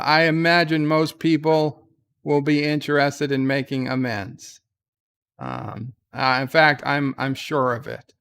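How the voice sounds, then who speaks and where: A man hosting a casual live stream, talking in an earnest, halting way. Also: a little high, fairly bright tone, smooth. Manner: earnest, halting, with many fillers.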